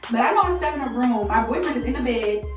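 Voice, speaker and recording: A young woman telling a college story in a casual, slangy, animated way, with frequent laughs. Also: fairly high pitch, fast talker, soft background music. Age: young adult. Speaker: storytime vlogger. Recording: echoey room from a distance.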